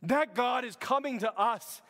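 A man with a high-pitched voice preaches in a conversational way, often restarting and filling with "like". The long reverb of a church hall trails every phrase. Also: measured pace, fairly bright tone. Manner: conversational preaching, many "like"s and restarts, acts out quotes. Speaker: pastor. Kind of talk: sermon.

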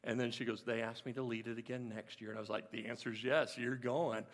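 A man preaching a sermon, telling a story in an animated way with laughing asides. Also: mid-range voice, a little fast. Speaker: pastor. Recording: long reverb of a hall.

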